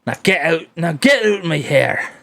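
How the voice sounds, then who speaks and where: A man's voice: fairly high pitch, very animated, normal speed, creaky, a bit bright, exaggerated voice. A bristling, bullheaded prison governor with a thick scottish burr, put on by a streamer. his voice bounces around a lot as he blusters and barks. he's openly hostile to anyone he doesn't like. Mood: blustering. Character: gruff bigoted male Scottish prison governor.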